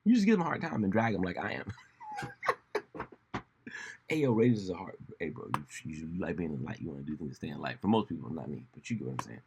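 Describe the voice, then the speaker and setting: A man hosting a casual solo commentary show, rambling and animated, often slipping into mocking voices when he quotes people. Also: deep voice, fast talker, vocal fry, lo-fi sound, background noise. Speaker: podcast host.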